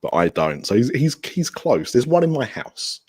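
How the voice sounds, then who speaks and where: A man's voice: medium pitch, sing-song, normal speed, darkish tone, slightly rough. A man guesting on a podcast over a video call, talking enthusiastically in a rambling way with restarts. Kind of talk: casual remote interview chat.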